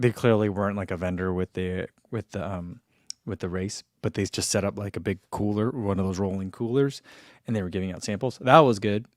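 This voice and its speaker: During a running-channel livestream, a man with a fairly low voice reads comments from chat, chatting loosely and filling his speech with fillers. The sound is studio quality, with no room sound.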